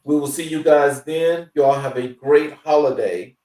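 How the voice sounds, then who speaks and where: A man hosting a talk show, wrapping up the episode in a halting way, full of fillers and restarts. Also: on the high side, warm tone, echoey room, recorded from a distance, rough recording. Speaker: show host. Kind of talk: casual show wrap-up.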